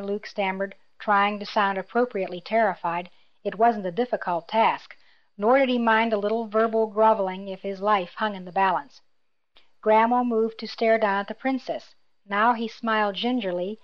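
This audiobook has a woman of medium pitch reading scripted narration from a novel, steady and even in her storytelling. It is captured on a slightly dull, lo-fi recording.

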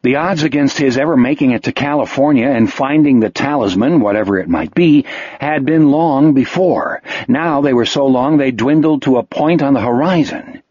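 A man with a slightly husky, mid-pitched voice narrates an audiobook, telling the scripted story in a steady, measured way. The recording is dry and close, a bit dull in the high frequencies.

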